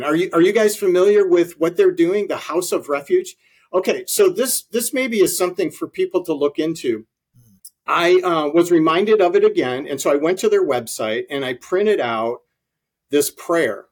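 A male guest telling heartfelt stories during an interview. His voice sits a bit high for a man, and his sincere, unhurried account is full of ums and uhs. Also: expressive, slightly rough. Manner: earnest storytelling with many fillers. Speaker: ministry leader guest. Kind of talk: conversational interview.

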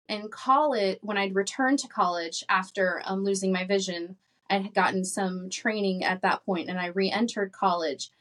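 A woman in her late twenties, a podcast guest telling her personal story in an earnest, emotional way, with light laughs between phrases and her voice rising as feeling builds. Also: mid-range voice.

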